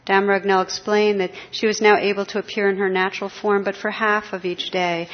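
A woman narrating an old legend in a measured, expressive storybook reading. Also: mid-range voice. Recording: slightly dull lo-fi recording.

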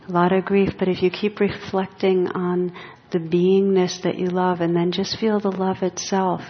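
A woman meditation teacher giving a gentle, reflective dharma talk. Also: on the low side. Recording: dull lo-fi recording.

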